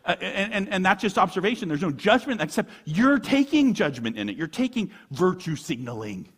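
A man's voice: on the high side, animated, moderate pace, a bit bright, slightly rough, in a large hall. A man preaching a conversational sermon as a pastor, asking rhetorical questions and chuckling often.

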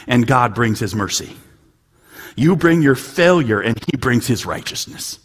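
A man with a husky voice delivers a sermon as pastor. He swings from hushed, almost whispered lines up to loud emphatic peaks. He often repeats and restarts words as he presses a point. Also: mid-range voice, lively intonation, measured pace.

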